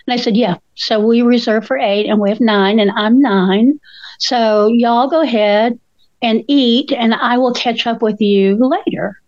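Animated older woman telling stories. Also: fairly high pitch, moderate pace, no echo, highs cut off. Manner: animated storyteller, acts out quotes. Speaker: co-host. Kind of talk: casual chat, storytelling.

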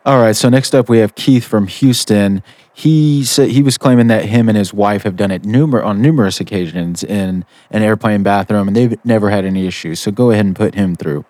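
A man's voice: lowish voice, brisk, mellow. A man hosting a call-in radio show, easygoing and moving the calls along.

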